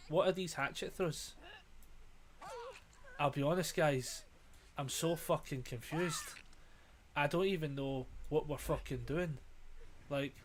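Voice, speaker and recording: A man's voice: fairly high pitch, slight background noise. A man commentating his own gameplay casually, exasperated and self-mocking, swearing constantly, his throat strained and frazzled. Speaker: gamer streamer.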